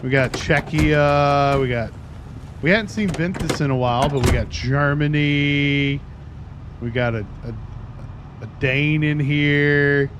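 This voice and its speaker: A man in his thirties chatting casually and at length with his viewers while streaming a game. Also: medium pitch. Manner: chatty, rambling, self-described talker. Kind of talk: casual chat while playing. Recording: noisy stream audio.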